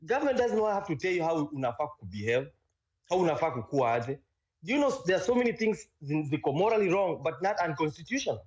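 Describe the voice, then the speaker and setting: A Kenyan man rants casually, his voice fairly high and rising and falling a lot. He mixes Swahili and English and keeps restarting his words. The lo-fi stream makes him sound dull. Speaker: speaker in a live audio room. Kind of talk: casual rant.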